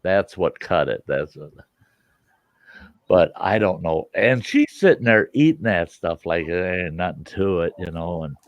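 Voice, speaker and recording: A man hosting a casual chat, telling lively anecdotes and acting out the people in them. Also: low voice, a little slow, no room sound. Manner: animated storyteller, acts out voices in anecdotes. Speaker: host. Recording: dull lo-fi, dry sound.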